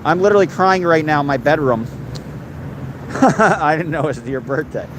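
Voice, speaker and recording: A man hosting a loose livestream, reading viewers' comments in a slightly high voice and throwing out crude, mock-threatening jokes. He is outdoors on a noisy recording, with a clear hum of traffic and machinery behind him. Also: expressive, fast talker. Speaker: livestream host.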